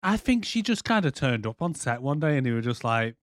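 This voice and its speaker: A man's voice: mid-range voice, sing-song, a little fast, no echo, clean studio sound. A man co-hosting a podcast, ranting in casual, profane chat and slipping into mock voices. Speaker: podcast co-host.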